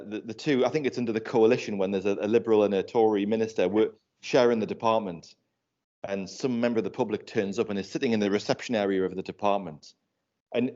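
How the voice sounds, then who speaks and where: A man's voice: mid-range voice, a little mellow. A man chatting casually on a finance podcast panel, telling anecdotes and laughing often. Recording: slightly muffled audio.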